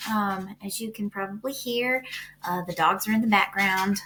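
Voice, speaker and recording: A woman's voice: medium pitch, normal speed, sharp tone, slight background noise. A woman teacher reading a children's book aloud, casual and chatty, with fillers. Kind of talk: storybook read-aloud.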